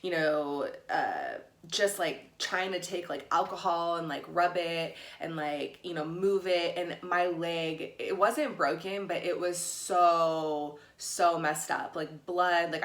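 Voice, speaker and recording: A woman's voice: lowish voice, takes it slowly, few pauses, echoey room. A woman vlogger telling a story to camera in a casual, blunt way, full of "like" and swearing. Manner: chatty, peppered with "like", blunt and profane. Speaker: YouTube vlogger.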